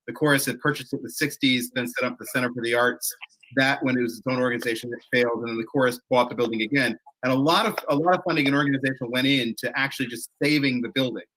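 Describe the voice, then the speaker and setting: Bright-voiced man telling a long story. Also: mid-range voice, low-quality recording. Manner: rambling, self-correcting, with lively acted-out quotes. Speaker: chorus leader. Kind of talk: conversational storytelling.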